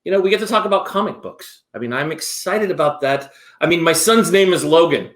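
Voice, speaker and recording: A man in his thirties hosting a chat show, giggly and excitable, with lots of fillers. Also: on the high side, fairly quick, reverberant. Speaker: show host. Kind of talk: casual chat.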